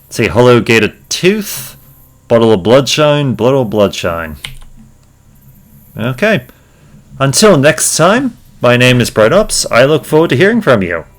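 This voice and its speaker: A man's voice: medium pitch, big pitch swings, unhurried. A man hosting a let's play, muttering wry, casual commentary and reading game text aloud.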